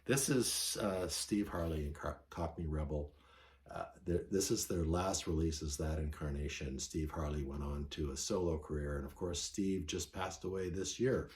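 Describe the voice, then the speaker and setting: Here the vlogger speaks at an extremely low pitch, at normal speed, sounding a little mellow. He's a vinyl collector showing off records he found, rambling, self-correcting, and excited the whole time.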